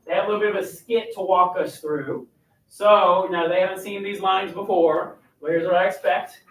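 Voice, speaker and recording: High-voiced male teacher in echoey classroom. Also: fairly even intonation, normal speed, a little hiss or hum. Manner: directive, explaining and coaching students. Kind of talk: classroom instruction. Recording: echoey classroom, mic far off.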